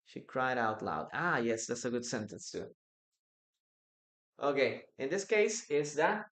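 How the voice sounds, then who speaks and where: A teacher gives a live online English lesson, repeating example phrases and reading out student comments. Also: mid-range voice. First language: Spanish.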